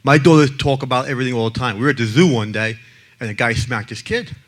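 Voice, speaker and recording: A man's voice: medium pitch, fast. A man speaking to an audience as a child abuse prevention advocate, telling blunt stories with jokes and acting out the people in them. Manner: blunt and brash, acts out other people in his stories. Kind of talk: blunt talk with joking stories.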